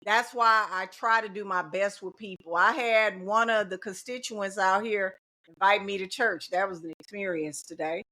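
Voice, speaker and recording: A middle-aged woman who is a teacher joins a casual podcast conversation as a guest, speaking emphatically and repeating her key points. Her voice is medium-pitched, bright, and forceful, with fairly even intonation at a normal speed.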